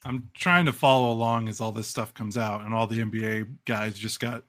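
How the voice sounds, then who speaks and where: A man's voice: lowish voice, fairly even intonation, a little fast, fairly bright tone, dry recording. A man hosting a casual podcast, talking in a rambling, hedging way with lots of fillers. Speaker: podcast host. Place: live-streamed remote show.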